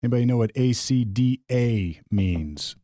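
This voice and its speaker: A man's voice: mid-range voice, animated, moderate pace, warm tone, no room sound, studio quality. A man, co-hosting a podcast in easygoing casual chat and telling stories. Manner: storytelling, easygoing, chuckles.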